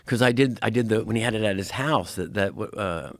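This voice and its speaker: A man's voice: on the low side, a little fast, fairly bright tone, no echo, studio quality. A male comedian telling a rambling, stammering, profane anecdote as a podcast guest. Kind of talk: anecdotal storytelling.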